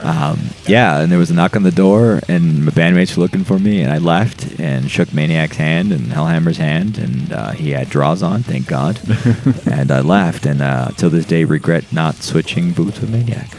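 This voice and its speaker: A man's voice: sits low, moderate pace, vocal fry, few pauses, a little mellow. A man, a podcast guest, telling a rambling, profane story in casual chat and laughing as he goes.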